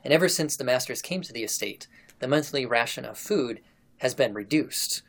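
Man, podcast host, casual storyteller, relaxed and chatty, mid-range pitch. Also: normal speed, creaky. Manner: relaxed, chatty, laughs between lines. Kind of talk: casual storytelling, retelling a historical account.

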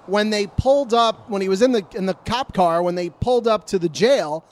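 High-voiced guy telling a sports story on a podcast, gets animated quoting people. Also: a little fast. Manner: animated storyteller, acts out quoted arguments. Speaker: sports reporter recounting stories. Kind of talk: casual podcast chat.

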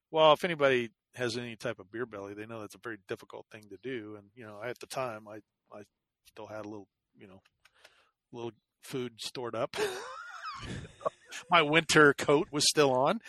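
A man telling a long personal story in easygoing conversation, full of fillers, restarts and wry asides about himself. His voice sits at an ordinary pitch and sounds dry and close to the mic. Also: fairly bright tone, no room sound. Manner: rambling, self-deprecating, many fillers and restarts.

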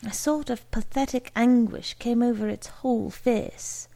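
A woman narrates a comic story in a dry, wry way. Her voice has a gravelly fry, and she reads unhurriedly. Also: a little high, steady tone, unhurried, dark tone. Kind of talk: storytelling reading.

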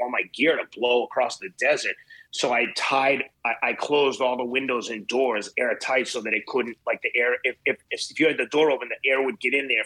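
A man in his fifties, an endurance runner, telling a story as an interview guest in a blunt, profane and animated way, acting out the dialogue. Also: mid-range voice, breathy edge, poor audio. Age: 50s.

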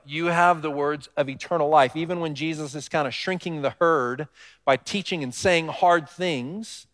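A man's voice: fairly high pitch, a bit bright. A male pastor delivering a sermon in a conversational way, often asking the congregation questions. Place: church hall with congregation. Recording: long reverb of a large hall.

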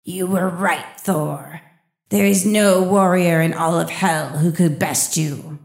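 Woman doing a menacing female death goddess, low voice, very slow, echoey reverb. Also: vocal fry, darkish tone. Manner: slow, grave, declaiming.

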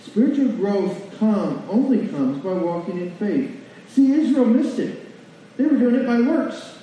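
A man preaching a sermon in a church, folksy and animated, asking the congregation questions. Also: high voice, measured pace, slight background noise. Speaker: pastor. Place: church sanctuary. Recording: distant mic in a very echoey hall, lo-fi.

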